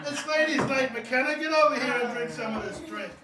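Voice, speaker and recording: A man hosting a goofy home cocktail video, loud, hammy and joking. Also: very high voice, fairly quick, echoey room, recorded from a distance, crowd noise. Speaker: home cocktail show host.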